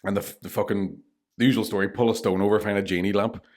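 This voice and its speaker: A man's voice: lowish voice, steady tone, fast, a little mellow. A man with a Northern Irish accent, a comedian telling long jokes in casual chat and swearing freely. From Northern Ireland. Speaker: comedian guest. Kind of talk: casual storytelling.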